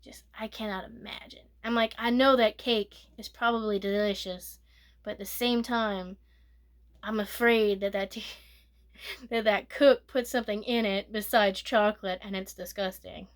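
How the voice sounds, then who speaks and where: A woman giving a soft-spoken ASMR movie recap, rambling and correcting herself, sometimes dropping to a whisper. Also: mid-range voice, fairly even intonation, moderate pace. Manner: rambling, self-correcting retelling with filler "like". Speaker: movie reviewer.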